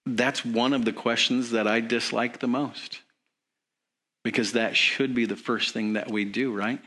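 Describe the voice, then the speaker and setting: Slow, bright-voiced male preacher. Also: medium pitch, fairly even intonation. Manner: earnest, conversational preaching with questions to the congregation. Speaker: pastor. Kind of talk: sermon.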